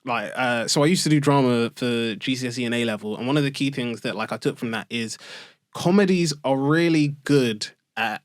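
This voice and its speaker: A man's voice: mid-range voice, fairly quick, no echo, studio quality. A young man chatting casually on a podcast, telling stories with lots of fillers and frequent laughs. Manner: animated storyteller, filler-heavy, laughing often. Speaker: podcast guest or host. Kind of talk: casual chat.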